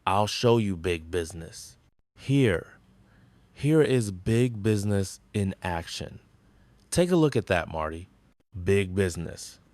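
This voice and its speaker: A gruff, boastful middle-aged diner cook in a sitcom. He talks slowly and blusters, his voice sitting low and close on a dry track. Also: animated, a little mellow, no room sound. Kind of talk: sitcom acting.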